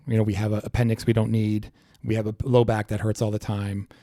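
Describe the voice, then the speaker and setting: A man, a chiropractor guest in a casual podcast interview, talking quickly and eagerly with frequent restarts. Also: on the low side, no echo, clean studio sound. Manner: fast, animated storytelling with repeated restarts. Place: podcast studio.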